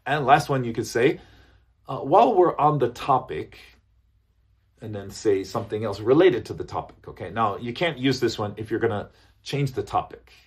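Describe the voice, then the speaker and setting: With a slightly rough, medium-pitched voice at normal speed, a man runs through business English phrases. He repeats examples animatedly and keeps checking on listeners with "okay?" and "right?".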